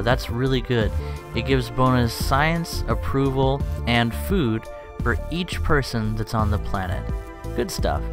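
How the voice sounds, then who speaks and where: Male streamer, unhurried, wry and self-mocking, game music underneath. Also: medium pitch. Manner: joking, self-deprecating, thinks aloud. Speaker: let's play streamer. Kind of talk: casual gameplay commentary.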